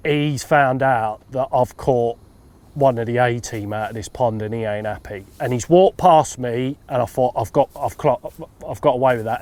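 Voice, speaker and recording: A man, a fishing consultant telling a funny anecdote in a lively storytelling way. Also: mid-range voice. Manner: lively storyteller, acts out what people said.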